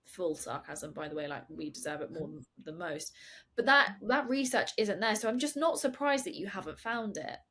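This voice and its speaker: A woman hosting a podcast, chatting in an animated way with quick asides and dry sarcasm. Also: medium pitch. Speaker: podcast host. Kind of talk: casual interview talk.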